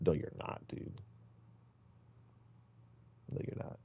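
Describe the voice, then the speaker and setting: A man giving casual, rambling street-preaching advice, exhorting listeners with many restarts, swinging between loud emphatic bursts and low mutters. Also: lively intonation, normal speed, no room sound.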